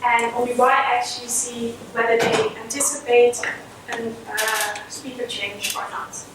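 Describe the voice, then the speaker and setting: A woman's voice: a little high, little pitch movement, unhurried. A woman giving an academic conference presentation, hesitant, with many fillers and small apologies. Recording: echoey hall from far off with noise.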